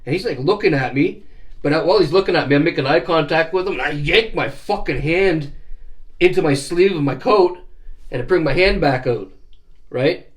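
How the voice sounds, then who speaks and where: A middle-aged man telling stories casually on a vlog, cursing freely and growing animated. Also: a little high, moderate pace. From Canada. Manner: profane, animated storyteller. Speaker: vlogger. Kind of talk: casual storytelling.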